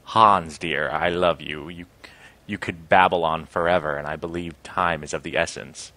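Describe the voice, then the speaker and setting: A man's voice: sits low, fairly even intonation, normal speed, bright, forceful tone, dry recording. A man reading the lines of a flamboyant painted male elf from a computer game in his own voice. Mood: teasing. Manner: reads plainly, says he can't do voices.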